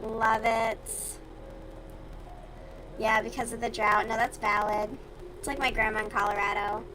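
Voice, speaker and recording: A woman's voice: a little high, flat delivery, a little slow, noisy background. A young woman from the US South chatting casually and bluntly with her stream viewers while she crochets, with plenty of swearing.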